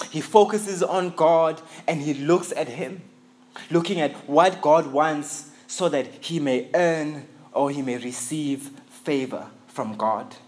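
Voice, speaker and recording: Earnest preacher man. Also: mid-range voice. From South Africa. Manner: earnest, emphatic, repeats key phrases for stress. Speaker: visiting pastor. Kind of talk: sermon. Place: church in England.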